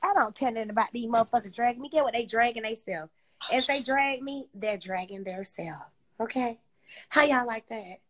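A young woman chatting on a livestream, blunt and profane as she airs her grievances. Her voice sits high and she talks fast, words tumbling out in quick runs. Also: a bit bright. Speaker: livestream host. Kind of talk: casual livestream chat.

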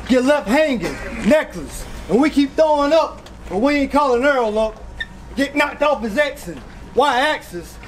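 A man from South Carolina delivers boastful, aggressive battle rap in a strikingly high voice. He breaks into shouts and hype ad-libs, over a noisy live recording full of crowd ambience. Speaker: battle rapper.

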